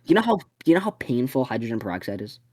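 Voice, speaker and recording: A young adult podcast co-host telling a story in casual chat, swearing constantly and rambling with sudden excited bursts. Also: mid-range voice, quick pace.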